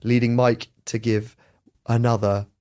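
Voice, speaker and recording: A man's voice: mid-range voice, flat delivery, a little slow, very noisy. A man hosting a podcast, chatty, often laughing as he tells a story. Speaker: podcast host.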